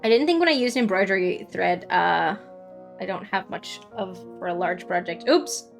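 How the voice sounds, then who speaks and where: A woman's voice: lowish voice, expressive, moderate pace, gravelly. Woman streaming a cozy game, chatty n giggly, music faint in the back. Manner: chatty, giggly, trails off and restarts. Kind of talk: casual chat while streaming a game.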